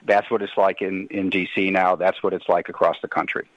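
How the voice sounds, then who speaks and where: A man's voice: low-pitched, level tone, brisk, no room sound, lo-fi sound. A man calling into a radio show, bantering and joking with the host. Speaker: guest on the phone. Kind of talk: casual chat.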